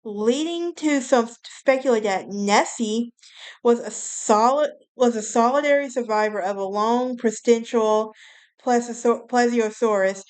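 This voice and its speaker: Smooth-voiced woman telling a rambling story. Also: fairly high pitch, a little slow, a little mellow. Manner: rambling, self-correcting, laughs at herself. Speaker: podcast host. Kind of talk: casual solo podcast storytelling.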